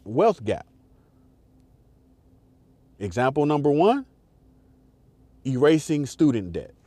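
A man's voice: mid-range voice, dark tone, dry recording. A man hosting a podcast, delivering an emphatic, repetitive and profane political commentary straight to his listeners. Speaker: podcast host. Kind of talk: impassioned political commentary monologue.

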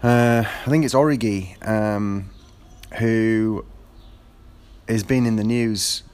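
A man with a somewhat low voice chats casually about football. He rambles, stopping often for fillers and starting his sentences over. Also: fairly even intonation, slow, darkish tone. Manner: rambling, with frequent fillers and restarts. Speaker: football fan. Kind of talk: casual monologue.

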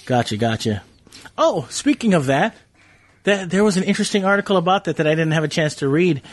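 A man's voice: fairly high pitch, animated, fairly quick, dry recording. A man hosting a casual chat, rambling with fillers and laughing often. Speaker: podcast host.

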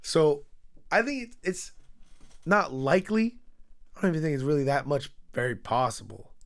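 A man co-hosting a casual sports podcast, talking in an excitable, jokey way with plenty of swearing. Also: a little high, normal speed, gravelly. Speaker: podcast co-host.

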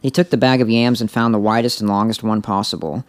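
Man, podcast co-host, deadpan story reading, lowish voice, close dry sound. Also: fast talker, no echo. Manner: deadpan reading with joking asides.

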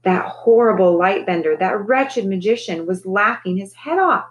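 A woman teacher reading a children's novel aloud to her class in a calm, steady storytelling voice. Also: medium pitch, normal speed, dull audio.

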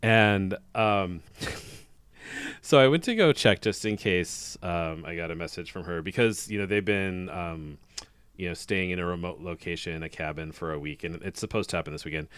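A man's voice: deep voice, normal speed, fairly bright tone, clear, resonant tone, dry recording. A man co-hosting a podcast in casual chat, laid-back and chuckling, trailing off into fillers. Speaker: podcast co-host.

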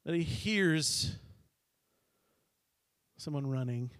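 A man's voice: fairly high pitch, drawn-out words, no echo. A middle-aged man preaching a sermon, telling a story and acting out the characters' voices. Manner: animated, acts out characters' voices. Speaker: pastor.

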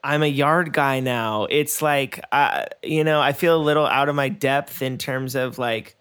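A man's voice: mid-range voice, unhurried, fairly bright tone, clean tone. A man co-hosting a podcast in casual chat, laid-back and rambling with lots of fillers. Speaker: podcast co-host.

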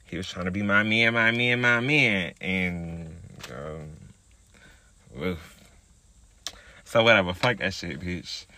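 A man's voice: sits low, slow, pauses often, pushed and bright. A man hosting a podcast, telling a story in a sassy, profane, chatty monologue. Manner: sassy, profane, chatty, calls listeners girl. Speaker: podcast host.

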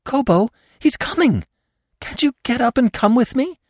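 A man's voice: extremely high pitch, very animated, normal speed, a little mellow, dry recording, clean studio sound, voice pushed up, exaggerated voice. A man voicing a terrified young doe. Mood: frantic. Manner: whispering, stammering in terror. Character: young frightened female deer.

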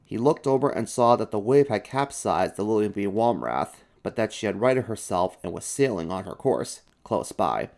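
Animated male storyteller reading to children. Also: lowish voice, moderate pace, hardly any pauses. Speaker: host and storyteller. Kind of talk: reading a children's book aloud.

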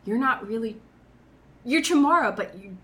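Teasing woman on a podcast, bright voice, a bit high. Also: lively intonation, normal speed. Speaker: podcast guest. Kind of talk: casual podcast chat.

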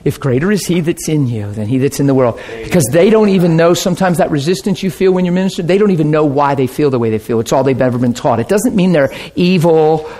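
A man preaching to his congregation, telling a story with lots of energy. His voice sits a little high, and he laughs often and acts out sounds as he goes. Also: fast, few pauses. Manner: animated, laughs often, breaks into sound effects. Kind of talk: sermon storytelling.

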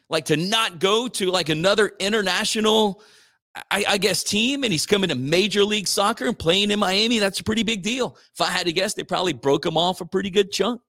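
A man's voice: high voice, fairly bright tone. A male radio host rambling through sports news in a slangy, casual chat. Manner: rambling, slangy, says dude a lot.

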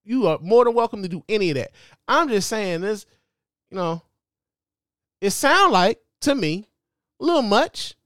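A man in his forties hosting a show, giving animated, joking commentary full of profanity. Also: high-pitched, moderate pace, pauses often, dry recording, clean studio sound. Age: 40s. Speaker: host. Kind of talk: casual commentary.

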